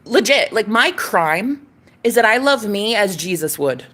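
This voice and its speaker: A woman's voice: mid-range voice, very animated, a little slow, fairly bright tone, a little hiss or hum. A woman in her thirties ranting in a casual monologue, sassy, emphatic and full of swearing. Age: 30s.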